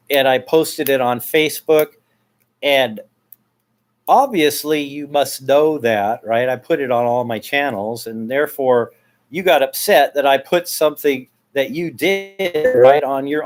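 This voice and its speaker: Aggrieved man rambling to his neighbor. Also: medium pitch. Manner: rambling, with frequent restarts and repeated words; aggrieved, airing complaints. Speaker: vlogger addressing his neighbor. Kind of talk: casual spoken monologue.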